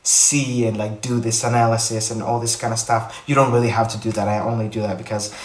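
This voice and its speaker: A man vlogging to the camera in casual chat, rambling and repeating himself with animated bursts. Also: lowish voice, brisk. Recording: echoey room, a bit far from mic.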